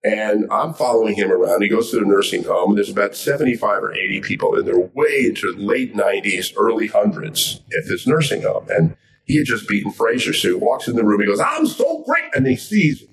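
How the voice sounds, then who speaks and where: Older man, gravelly voice, animated storyteller, a bit off-mic. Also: on the low side, brisk, far from the mic. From Miami, Florida. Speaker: guest, sports interviewer. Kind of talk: storytelling in a chat.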